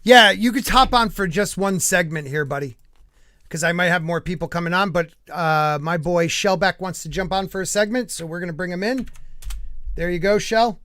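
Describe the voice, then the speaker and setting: Podcast host, male, high voice, blunt ranter, dry close mic. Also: normal speed, pushed and bright, dry recording. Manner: ranting, blunt and profane. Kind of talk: casual podcast chat, reading chat comments.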